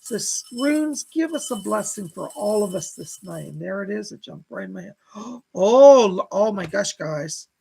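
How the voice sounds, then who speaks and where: Male psychic host, casual live reader, gravelly and husky tone, chatty with viewers. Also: sits high, lively intonation, normal speed, dark tone, rough recording. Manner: chatty, reads out viewer comments, laughs often. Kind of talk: casual live-stream reading.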